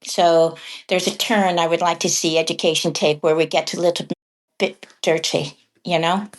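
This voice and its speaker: A middle-aged woman, a kindergarten teacher and podcast guest, telling classroom stories in a lively conversational way. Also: fairly low pitch, moderate pace. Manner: animated, acts out quoted voices and laughs often. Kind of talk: conversational storytelling.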